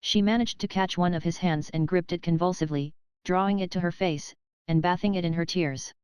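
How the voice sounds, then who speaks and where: A woman narrating a classic novel as an audiobook in a steady, measured storytelling manner. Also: on the low side, clear, resonant tone, no room sound, low-quality recording.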